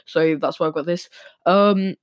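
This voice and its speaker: A male podcast host talking casually and very fast, with lots of ums and restarts. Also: a little high, dry recording, clean studio sound. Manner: talks very fast with many fillers and restarts. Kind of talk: casual solo podcast talk.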